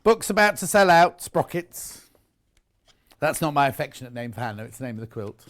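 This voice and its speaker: A man's voice: on the high side, big pitch swings, fairly quick, fairly bright tone. A middle-aged man presenting products live on a home shopping channel, chatty, enthusiastic and jokey about himself.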